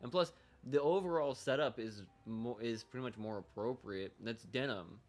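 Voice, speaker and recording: A man's voice: mid-range voice, moderate pace. Rambling, swearing male game streamer. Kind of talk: casual gaming commentary.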